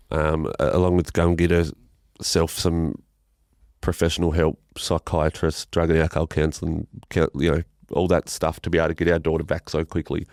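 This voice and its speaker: Australian man, low register, emotional podcast guest, halting delivery, frequent swearing, dry mic. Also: darkish tone, no echo. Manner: halting, emotional, swears often, many restarts. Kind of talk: emotional personal storytelling interview.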